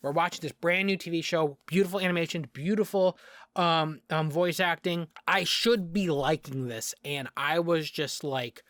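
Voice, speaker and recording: A video reviewer with a high-leaning voice speaks at normal speed, captured in clean, dry studio sound. Exasperated and ranting, he gives casual commentary, swearing freely and often repeating and restarting his words animatedly.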